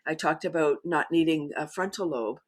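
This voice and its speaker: A middle-aged woman who leads laughter yoga, talking as a guest in an animated way and often breaking into demonstration laughs. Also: sits low, normal speed. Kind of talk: conversational interview.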